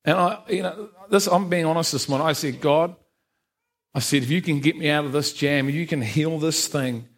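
Speaking at a normal speed in a fairly high voice, an Englishman shares his personal testimony at church. He's frank about himself, self-mocking, and laughs at his own expense often.

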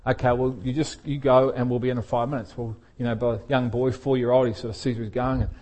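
A man's voice: mid-range voice, flat delivery, quick pace, a little mellow. A middle-aged man, a pastor telling a personal story in a sermon and laughing often as he speaks. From England.

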